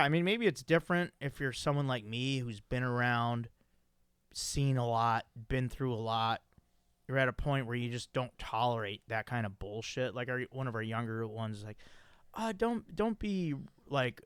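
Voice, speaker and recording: A man hosting a podcast, telling a story in a profane, animated way with many restarts. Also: mid-range voice, clean tone, no room sound, studio quality. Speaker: podcast host. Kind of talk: casual chat.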